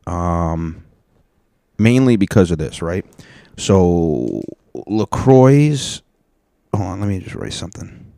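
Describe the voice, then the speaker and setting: Deep-voiced man, dry close sound. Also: lively intonation, unhurried, creaky, mellow, dry recording. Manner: profane, rambling, jokey. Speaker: comedian. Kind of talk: casual rambling monologue to camera.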